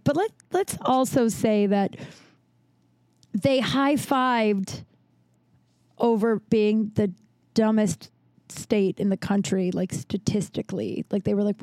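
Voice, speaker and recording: A woman's voice: a little high, a little mellow, dry recording. A woman in her thirties hosting a podcast, telling a long story in a rambling, frank, profane way, full of "like" and quoted asides. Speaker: podcast host. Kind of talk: casual storytelling.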